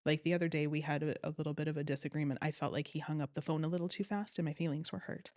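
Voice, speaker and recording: A woman telling her own story as an interview guest, earnest and animated, often quoting what others said. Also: low-pitched, racing, no room sound, clean studio sound. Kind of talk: personal story in conversation.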